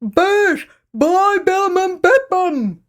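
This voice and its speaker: A woman's voice: mid-range voice, expressive, unhurried, gravelly, a bit bright, full character voice. A woman voicing an older grandfather who has lost his false teeth and mumbles his words in a garbled rush. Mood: frantic. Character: frantic toothless old grandpa mumbling.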